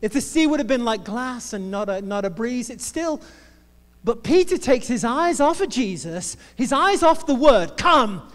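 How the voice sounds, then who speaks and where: A man's voice: very high-pitched, lively intonation, normal speed. A male preacher giving a sermon in a playful, jokey storytelling manner. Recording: long hall reverb.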